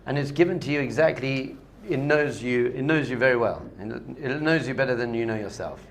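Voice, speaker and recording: A man's voice: mid-range voice, brisk, slight background noise. A man, a rabbi, giving a spiritual lesson with a story, talking animatedly and repeating key points for emphasis.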